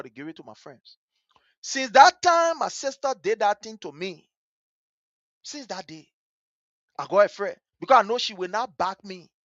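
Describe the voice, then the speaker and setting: A man with a Liberian English accent hosting a talk show. He tells a story with passion, swinging between hushed and loud. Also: high voice, no room sound, muffled recording. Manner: vivid, story-driven. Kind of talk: animated radio commentary with storytelling.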